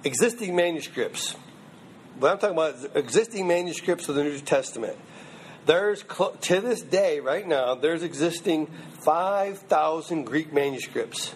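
Speaking at a normal speed, a man with a slightly high, expressive voice teaches a Bible class in an easygoing, conversational way. There's a little hiss or hum on the audio, and he regularly asks his audience "okay?" and "you know what I mean?"

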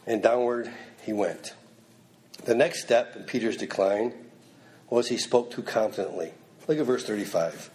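A man's voice: on the low side, moderate pace, pauses often, darkish tone. Man preaching with emphatic repetition. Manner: preaching with emphatic repetition, acting out quoted lines. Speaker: pastor. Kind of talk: sermon.

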